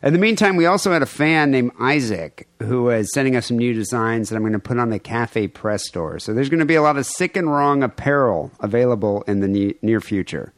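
A man's voice: medium pitch, animated, a little fast, hardly any pauses, dry recording. A man co-hosting a crude comedy podcast, joking and rambling loosely, often laughing. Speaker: podcast co-host. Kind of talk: casual crude podcast banter.

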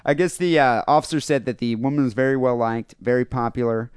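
A man's voice: medium pitch, fairly quick, a little mellow, smooth, dry recording, clean studio sound. A man co-hosting a comedy podcast, retelling a news story in crude, joking casual chat with plenty of fillers. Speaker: podcast co-host.

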